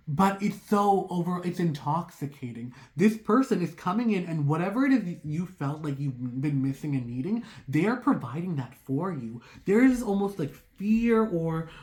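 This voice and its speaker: An excitable tarot reader talks straight to viewers in a casual reading. Their voice sits in a middle range and their thoughts race ahead. The delivery is loose and rambling, full of "like" and apologetic side remarks. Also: medium pitch. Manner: rambling, heavy use of "like"; apologetic asides.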